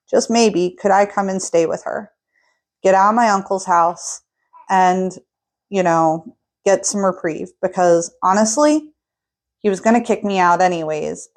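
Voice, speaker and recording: A young woman casually telling a personal story, getting animated as she recounts an argument. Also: mid-range voice.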